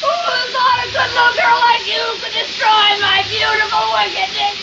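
An actress playing a vain, furious wicked witch in 1930s film acting, with a shrill, gravelly cackling voice. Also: fairly even intonation, moderate pace, heavy background noise. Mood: shrieking. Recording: dull old film soundtrack with loud orchestral music.

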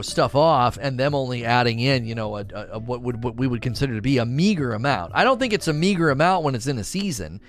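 A man giving casual video game commentary and answering viewer questions, talking in a rambling way with many restarts and asides. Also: medium pitch. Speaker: gaming content creator.

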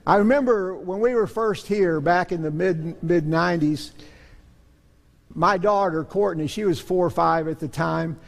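High, gravelly middle-aged pastor preaching. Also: male voice, a little slow. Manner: storytelling, earnest, self-deprecating. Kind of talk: sermon. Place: church sanctuary. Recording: long hall reverb.

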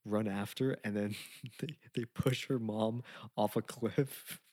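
A man co-hosting a casual podcast chat, animated and quick to laugh, acting out scenes as he tells them. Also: on the low side, no room sound, clean studio sound. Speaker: podcast co-host.

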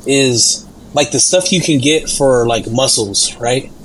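A man's voice: mid-range voice, slow, fairly bright tone, a little hiss or hum, poor audio. A young man in a casual podcast chat, easygoing and explaining things with lots of fillers. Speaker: podcast co-host.

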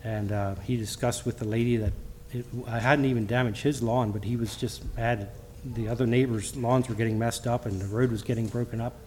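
A middle-aged man preaching a church sermon with personal testimony. He speaks haltingly, restarting often, and reads scripture in King James wording. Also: medium pitch, fairly even intonation, darkish tone, a little hiss or hum. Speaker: lay preacher.

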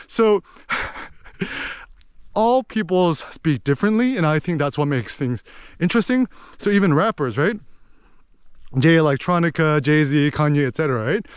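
A young man from the United States speaks in a smooth, resonant voice that sits a little high. He talks in an animated, rambling way, full of asides and tag questions. The recording is dry and close. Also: measured pace, long pauses, no echo. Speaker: speaker on language learning. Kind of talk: casual explanatory monologue.

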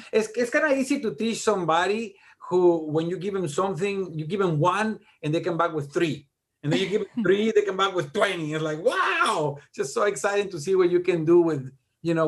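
A middle-aged man chats as an interview guest with a slightly high, lively voice. He tells his stories with animated, self-mocking humor and laughs at himself along the way. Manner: animated, self-deprecating joker. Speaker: guest music producer. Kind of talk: casual interview storytelling.

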